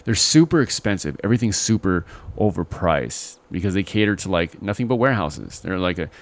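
A man's voice: sits low, big pitch swings, fairly quick. A man co-hosting a podcast in casual chat, rambling with lots of "you know" and "right?", now and then mimicking call-center agents in exaggerated voices. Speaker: podcast co-host.

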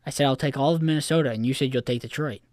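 A man's voice: medium pitch, racing, darkish tone, no echo. Brash, swearing young man, dry sound. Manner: brash, heavy swearing, insistent. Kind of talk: casual chat.

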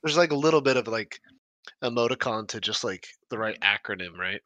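Young male guest, jokey and halting, bright tone, dry close sound. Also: fairly low pitch, expressive, dry recording. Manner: joking, hesitant with fillers. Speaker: podcast guest. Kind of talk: casual chat.

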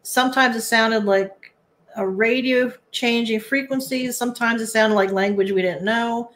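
A woman with a Southern accent, a psychic medium guest, telling her story in an animated way. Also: a little high, moderate pace. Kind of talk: casual chat.

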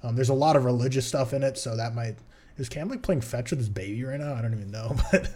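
A man's voice: medium pitch, fast, a crowd in the background. A young man, a podcast co-host, chatting casually and rambling through his film opinions with frequent restarts. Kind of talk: casual chat.

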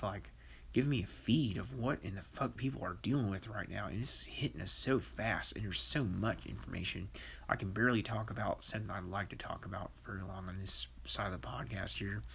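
A man's voice: lowish voice, vocal fry, a bit bright, husky. A man hosting a podcast in a rambling, profane monologue, laughing to himself. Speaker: podcast host.

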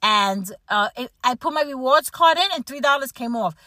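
A woman hosting a podcast, chatting casually and ranting with animated energy about everyday annoyances, often laughing at herself. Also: sits high, normal speed, no echo, studio quality. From United States. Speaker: podcast host. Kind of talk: casual chat.

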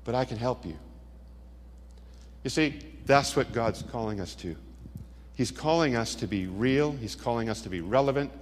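A man's voice: medium pitch, expressive, normal speed, long pauses, slight background noise. A middle-aged man giving a dramatic testimony sermon, telling stories with punchy asides. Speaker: Christian speaker. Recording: long hall reverb.

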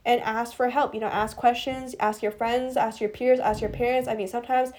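A slightly high-voiced young woman talks straight to her podcast listeners. She rambles through casual advice, leaning on "like" and "you know" and calling her audience guys. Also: level tone, fairly quick, darkish tone. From US East Coast. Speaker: podcast host.

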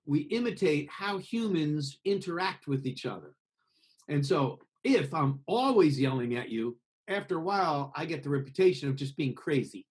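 A man from America being interviewed about singing, explaining with lively examples and acted-out voices. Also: a little high. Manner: expressive, acts out voices to make points. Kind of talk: conversational interview over a call.

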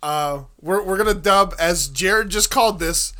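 A man hosting a podcast in casual chat, crude and quick to laugh. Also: high voice, pushed and bright. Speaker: podcast host.

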